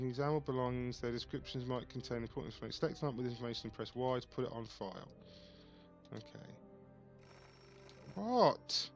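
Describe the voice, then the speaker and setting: A man giving casual let's play commentary, thinking aloud and reading on-screen text with puzzled asides. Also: mid-range voice.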